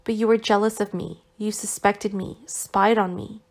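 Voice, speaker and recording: A woman voicing a gentle, worn-out young man who is still recovering, speaking tenderly with some reproach, in an audiobook reading. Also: medium pitch, flat delivery, normal speed, lightly acted. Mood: tender, reproachful.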